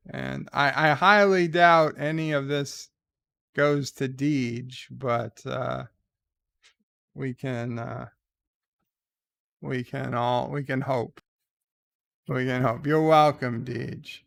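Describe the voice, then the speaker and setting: A man's voice: medium pitch, gravelly, a bit bright, no room sound, studio quality. A man hosting a casual live stream, reading viewer letters aloud and ranting crudely, with lots of fillers and restarts. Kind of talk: casual rambling chat.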